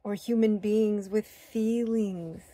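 A woman speaks slowly and earnestly in a heartfelt spiritual vlog, her voice gentle and unhurried. She pauses often, repeats herself and uses lots of fillers. Her voice is mid-pitched and close to the mic in a dry space. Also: steady tone, no room sound. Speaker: spiritual vlogger. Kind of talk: heartfelt personal talk to camera.

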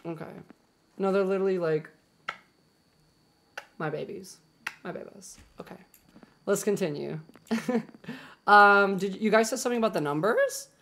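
A man's voice: high-pitched, moderate pace, long pauses, bright, forceful tone, a little hiss or hum. A young man streaming a game live, chatting casually and gushing at his dogs in baby talk. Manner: playful, lots of fillers.

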